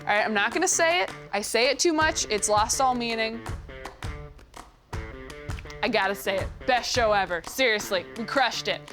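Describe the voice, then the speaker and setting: A woman's voice: a little high, moderate pace, long pauses. Playful woman show host over music. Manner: upbeat, playful, chatty. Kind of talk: scripted hosting with jokes. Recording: clear music behind.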